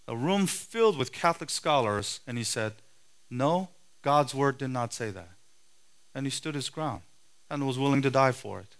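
A man preaching a sermon in a forceful, emphatic way, his voice swelling loud and then dropping low. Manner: forceful, emphatic preaching with sharp rises and drops in loudness.

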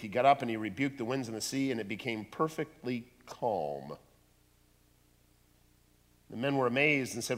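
Animated preacher man in a reverberant hall. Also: mid-range voice, normal speed, long pauses. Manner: animated, acts out voices in quotes. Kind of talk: sermon.

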